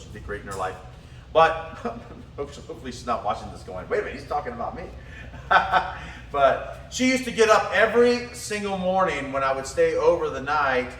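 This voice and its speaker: A motivational speaker tells a story with animation and frequent laughs, his male voice medium-pitched and fairly bright. He's recorded from away from the mic, with a roomy echo and a little hiss or hum.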